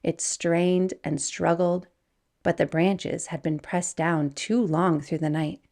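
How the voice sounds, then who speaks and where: Slow, gravelly woman reading a storybook. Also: fairly low pitch, steady tone. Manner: gentle, unhurried read-aloud with soft hushed passages.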